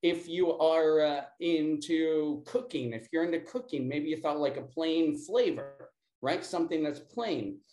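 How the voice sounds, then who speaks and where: Slow, deliberate man teaching in an echoey room. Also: a little high, warm tone. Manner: slow, deliberate, repeats key words and checks in with "right?". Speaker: workshop instructor. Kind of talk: interactive teaching with a guided breathing exercise. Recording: roomy echo.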